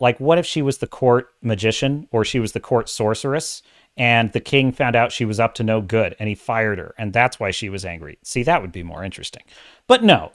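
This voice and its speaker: Male livestream host, casual movie rant, sarcastic and animated. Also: medium pitch. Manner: sarcastic, animated, swears, interrupts himself. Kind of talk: casual ranting movie review.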